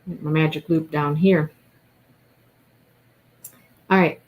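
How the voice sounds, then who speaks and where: A woman's voice: on the low side, animated, takes it slowly, creaky, long pauses, darkish tone, poor audio. A woman hosting a casual crochet-along livestream, gushing over her work and thinking aloud as she follows along.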